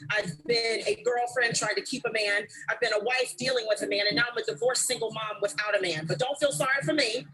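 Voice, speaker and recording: A woman's voice: fairly high pitch, a little fast, few pauses, bright, forceful tone, low-quality recording. A woman giving a motivational stage speech, talking emphatically and directly to the audience. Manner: emphatic, direct address to the crowd. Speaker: motivational speaker.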